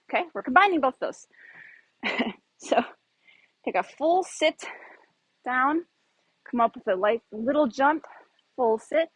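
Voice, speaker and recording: Breathy, chatty woman fitness instructor. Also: a little high, no room sound. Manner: casual, explanatory, many fillers. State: slightly out of breath. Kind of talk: exercise demonstration.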